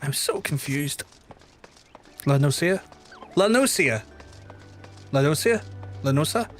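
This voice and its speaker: Male streamer, chatty and excitable, sweary, fairly high voice, faint music underneath. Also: takes it slowly. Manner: excitable, swears often, pitch jumps high when amazed. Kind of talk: casual gaming livestream chat.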